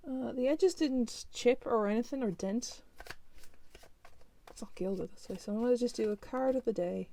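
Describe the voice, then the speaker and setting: A woman's voice: on the high side, moderate pace, mellow, slight background noise. A woman casually flipping through a new tarot deck, naming each card and reacting with chatty remarks. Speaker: tarot reader reviewing a deck.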